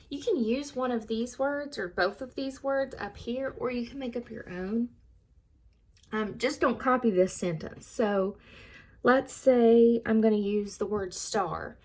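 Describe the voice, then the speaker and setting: In a recorded lesson for young learners, a young woman teacher with a voice on the high side pronounces words slowly and distinctly and walks through the answers on a worksheet.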